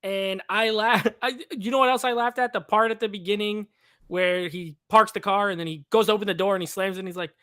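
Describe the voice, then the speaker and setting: A man's voice: high-pitched, fairly even intonation, brisk, sharp tone, clean tone, no room sound, clean studio sound. A man co-hosting a casual movie review chat over a video call, rambling and filling his talk with "like.". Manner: rambling, heavy use of "like". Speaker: podcast co-host.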